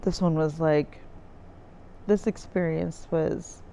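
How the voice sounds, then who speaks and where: A woman's voice: low-pitched, fairly even intonation, slow pace, creaky, mellow, a little hiss or hum. A woman vlogger recapping her experience in a casual diary style, rambling and searching for words with many fillers, recorded in a dim room indoors. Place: dim room indoors by a window with trees outside.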